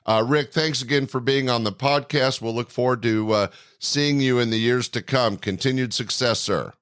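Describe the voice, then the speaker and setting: A man's voice: mid-range voice, moderate pace, a bit bright, dry recording, clean studio sound. A man hosting a podcast, closing an interview with a formal address to listeners. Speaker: podcast host. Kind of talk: podcast outro.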